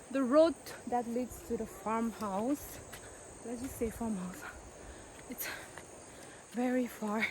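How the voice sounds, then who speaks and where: Young woman vlogging on a farm, kinda high voice, slow and chatty, bugs buzzing faintly behind. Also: noisy background. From Nagaland, northeast India. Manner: chatty, exclamatory, thinks aloud. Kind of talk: casual walking vlog. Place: outdoors on a rural farm.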